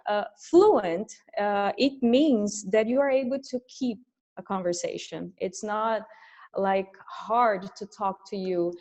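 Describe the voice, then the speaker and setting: A woman's voice: mid-range voice, darkish tone. A woman English teacher hosting an online class, explaining in casual chat. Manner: explains slowly, with frequent laughs. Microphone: video call. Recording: dull lo-fi video call audio.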